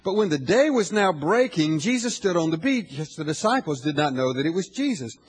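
A man's voice: fairly high pitch, sing-song, a little fast, slightly rough, big-room sound. A man preaching a sermon as pastor, talking conversationally to his congregation and building to emphatic declarations.

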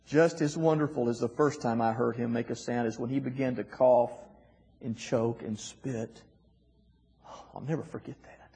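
A middle-aged man with a husky voice, telling a heartfelt personal story as a guest speaker, his voice dropping soft at emotional moments. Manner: emotional, voice dropping soft and rising high in quoted lines. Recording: long hall reverb.

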